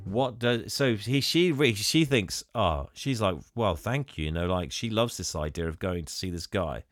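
Faint music plays behind a man with a lowish, lively voice speaking at normal speed, with no echo. The podcast co-host breezily retells a film's plot, laughing frequently and performing the characters' dialogue in exaggerated voices.

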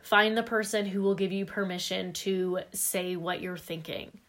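A woman's voice: mid-range voice, steady tone, unhurried, a bit bright. Candid, emphatic woman podcast co-host. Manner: candid, emphatic, casually swears. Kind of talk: casual chat.

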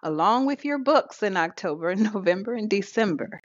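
A woman's voice: medium pitch, lively intonation, moderate pace. A woman co-hosting a podcast in casual chat, chatty and laughing often, with hesitant fillers. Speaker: podcast co-host. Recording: dull lo-fi recording.

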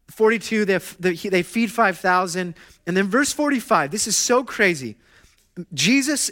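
A pastor in his thirties preaching a sermon in a conversational, animated storytelling way, with self-deprecating asides. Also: high-pitched.

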